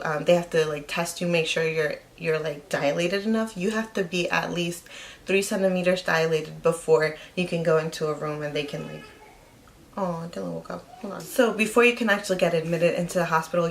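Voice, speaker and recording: A woman's voice: lowish voice, a little hiss or hum. A young woman vlogger telling a personal story in casual, chatty speech, full of filler words.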